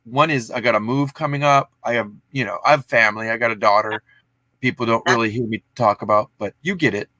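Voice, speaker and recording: Man hosting a livestream, bright tense voice, rambling chat, dry close sound. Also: mid-range voice, fairly even intonation, fairly quick, no room sound. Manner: rambling, chatty, self-interrupting. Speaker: livestream host.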